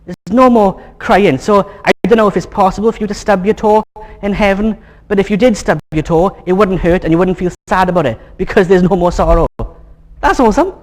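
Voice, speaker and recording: A Welsh man with a notably high voice preaches a sermon to his congregation in a church hall, chatty and joking. Speaking fairly quickly, he keeps coaxing the room to get excited and talks like he's among friends.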